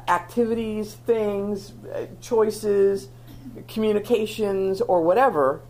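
A woman's voice: medium pitch, darkish tone. A woman teaching a Bible lesson in an earnest, conversational sermon style, often restarting her phrases.

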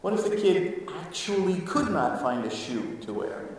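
A man preaching a sermon to his congregation, animated, moving between hushed asides and loud exclamations. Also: high voice, moderate pace, noisy background. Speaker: pastor. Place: church sanctuary. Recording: echoey hall, mic at a distance.

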